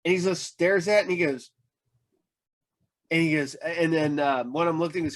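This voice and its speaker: A man with a fairly high voice hosts a casual podcast chat. He tells rambling stories packed with ums and uhs, and he slips into the voices of the people in them. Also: a little fast. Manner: rambling storyteller, acts out quoted voices, many fillers. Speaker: podcast host.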